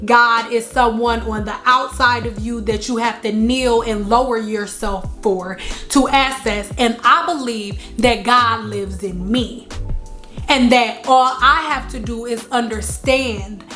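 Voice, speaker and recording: A woman's voice: fairly high pitch, takes it slowly, faint music behind. A married woman talking casually to her viewers about spirituality, emphatic and repeating her points for stress while telling her own stories. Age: adult, married. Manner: emphatic, repeats lines for stress, animated storytelling. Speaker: spiritual vlogger. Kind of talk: casual spiritual talk to camera.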